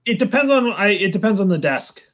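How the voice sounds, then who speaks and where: A man's voice: sits high, expressive, fairly quick, a bit bright. A man in casual chat, hesitant and given to repeating himself. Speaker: teacher, co-host.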